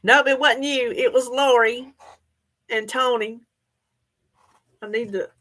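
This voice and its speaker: A woman's voice: on the high side, fairly even intonation, takes it slowly, fairly bright tone. A woman hosting a casual livestream, chatting folksily with viewers and laughing often. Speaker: livestream host. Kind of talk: casual live chat reading comments.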